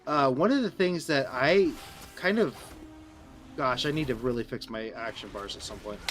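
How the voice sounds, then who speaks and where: A man's voice: medium pitch, animated, moderate pace, a bit bright, faint music behind. A man with a Midwestern American accent, a streamer chatting casually with viewers while playing, rambling and restarting his sentences. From Southern Illinois, USA. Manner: rambling, answers chat, restarts sentences often. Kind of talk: casual live-stream chat while gaming.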